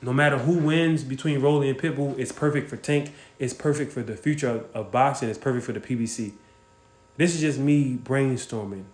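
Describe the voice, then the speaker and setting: Fairly quick and full of swearing, a male livestream host reacts to his audience bluntly and shouts out viewers by name. His voice is of ordinary male pitch, and the room gives it a noticeable echo.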